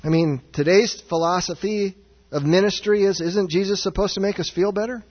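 A man preaching a sermon as pastor, earnest and searching, swinging from raised, near-shouted passages down to low, quiet ones. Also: fairly even intonation, brisk. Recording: dull sound with long hall reverb.

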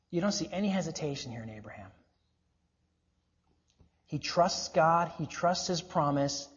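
With an expressive voice on the high side, this preacher drives his sermon home through rhetorical questions, dropping his pace sharply on the phrases that matter most. Sonically, the clip is muffled and low-fidelity, with the highs cut off.

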